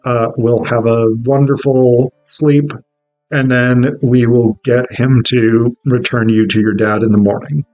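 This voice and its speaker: A man's voice: mid-range voice, steady tone, measured pace, a little mellow, muffled recording, soft background music, close to an everyday voice. A man voicing an earnest young noble maiden who offers to rescue someone, in a mock-gallant tone.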